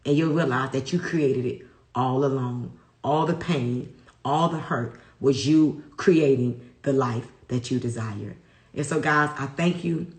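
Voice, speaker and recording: A woman's voice: extremely low pitch, measured pace. A woman hosting a wellness livestream, speaking affirmations and a motivational pep talk in an emphatic, preacher-like cadence. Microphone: livestream to a large online audience. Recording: roomy echo.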